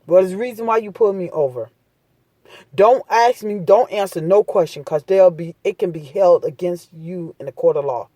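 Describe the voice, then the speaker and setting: Speaking straight to her viewers, a woman with a lowish, mellow voice gives advice as a vlogger at normal speed on a dry recording. Her casual, impassioned monologue is blunt, preachy, and street-talk in style, and she repeats her points to hammer them home.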